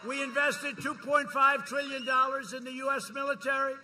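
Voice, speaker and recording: A man delivering a campaign rally speech in a high, intensely forceful voice. He talks in a boastful, repetitive way, pushing to rouse the crowd. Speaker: politician speaking at a campaign rally.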